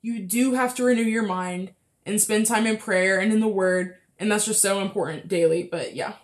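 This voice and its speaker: A woman's voice: medium pitch, normal speed. A young woman hosting a casual faith podcast, chatty and full of fillers, a little out of breath close to the mic. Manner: chatty, frequent fillers and laughs. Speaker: podcast host.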